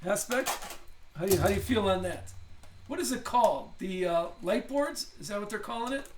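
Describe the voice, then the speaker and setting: A man's voice: high voice, lively intonation, brisk, background noise. A man hosting a live card break, chatting casually, thinking aloud and reading off names as he opens packs. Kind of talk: live card-opening stream chat.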